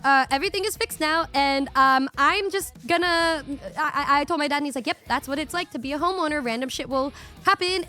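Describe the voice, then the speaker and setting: Young woman, high voice, casual rambling story, acts out quotes, swears, faint music behind. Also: bright, forceful tone. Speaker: VTuber streamer.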